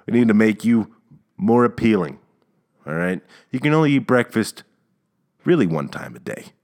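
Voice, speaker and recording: A man with a very low, deep voice rambles through his solo podcast. He talks casually and sarcastically, stumbling over restarts and slipping into mock outrage. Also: sing-song, moderate pace, a little mellow. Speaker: podcast host.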